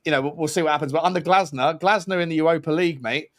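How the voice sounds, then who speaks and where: A man co-hosting a football podcast, chatting in a loose, laddish way and often calling his co-host "mate". His voice sits a little higher than most men's. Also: very fast. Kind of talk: casual football chat.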